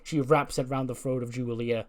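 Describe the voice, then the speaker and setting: A man at a middling pitch tells wrestling game storylines in a casual, chatty way. He leans on fillers as he goes. When the action heats up, he narrates it as lively play-by-play. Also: fairly quick. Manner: animated play-by-play of match events. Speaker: YouTuber recapping a wrestling management game.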